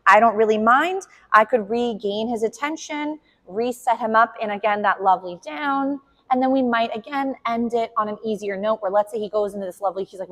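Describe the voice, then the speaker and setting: A woman dog trainer explaining a training session in a casual, chatty way, often voicing the dog's thoughts. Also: fairly high pitch. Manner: chatty, warm-hearted with the dog, voices his thoughts softly. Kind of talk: casual instructional talk.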